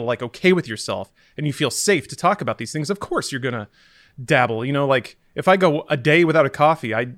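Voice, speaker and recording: A man at middle pitch rambles through a story on a podcast, full of fillers and self-deprecating asides. The sound is dry and close, with little room around it. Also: a bit bright, dry recording. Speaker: podcast co-host. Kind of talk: casual chat, storytelling.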